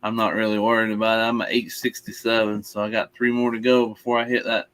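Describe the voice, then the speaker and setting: A man's voice: fairly low pitch, little pitch movement, fast talker, fairly bright tone, clean tone. A man co-hosting a live stream, talking in an easygoing, rambling way. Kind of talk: casual live stream chat.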